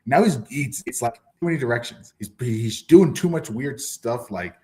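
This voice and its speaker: A man co-hosting a combat sports podcast, chatting casually in a relaxed, agreeable way and laughing as he talks. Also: medium pitch, normal speed, hardly any pauses. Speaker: podcast co-host.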